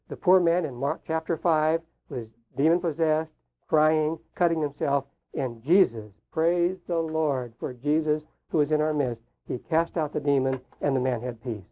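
An older man delivers a sermon with a personal story, folksy and chuckling now and then. His voice sits a little high for a man. The sound is thin and tinny, like a phone line. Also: moderate pace. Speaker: preacher.

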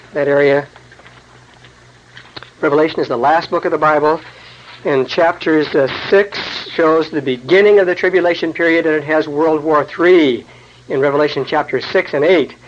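A man's voice: fairly high pitch, dull audio. A man teaching the Bible verse by verse, explaining scripture in a conversational way with folksy asides.

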